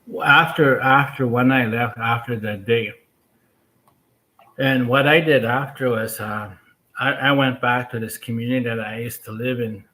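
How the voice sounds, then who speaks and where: A man's voice: medium pitch, bright, forceful tone, poor audio. A First Nations man, a guest on a talk show, earnestly and reflectively telling a personal story. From First Nations community. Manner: earnest, reflective, slow retelling.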